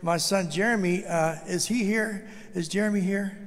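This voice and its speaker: A middle-aged man preaches in a large church, his voice sitting high. He is emphatic and repeats his key phrases. The sound rings with a long hall reverb. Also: normal speed. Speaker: guest preacher. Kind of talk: sermon.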